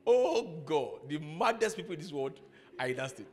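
A man preaching a sermon as pastor of a church, acting out people's quarrels in lively voices. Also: fairly high pitch, normal speed. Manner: animated preacher acting out quarrels, laughing at his own stories.

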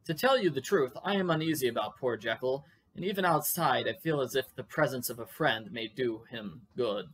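A man's voice: medium pitch, expressive, moderate pace, a bit bright, a little hiss or hum, lightly acted. Man reading as an earnest Victorian lawyer. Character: worried Victorian lawyer, middle-aged man.

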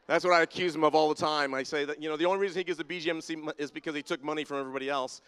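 Rapid-fire and steady, a man with a fairly high, fairly bright, clear and resonant voice leads a playful audience-participation segment, teasing people and calling them down by name. The recording has the long reverb of a big hall, fitting the large church sanctuary with its balcony and spotlights.

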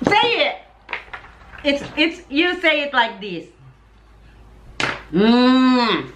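A Filipino-accented woman coaching her husband through Tagalog words with a lively, swooping pitch. She speaks slowly and patiently, breaking into laughs. A faint hiss sits behind her voice. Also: muffled recording. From Philippines. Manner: patient, laughs often, drills sounds. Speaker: wife teaching Tagalog. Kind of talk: casual home language lesson.

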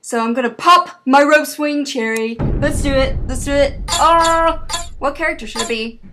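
High-voiced, excitable woman gamer. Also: moderate pace, noisy background. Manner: excitable, profane, laughs and shouts at the game. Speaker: gaming channel host. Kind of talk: let's play commentary.

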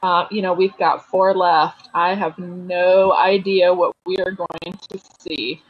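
A woman co-hosting a podcast, chatting excitedly about a TV episode and giggling as she quotes it. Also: fairly low pitch, slow. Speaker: podcast co-host. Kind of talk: casual chat recapping a TV episode. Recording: dull lo-fi remote line.

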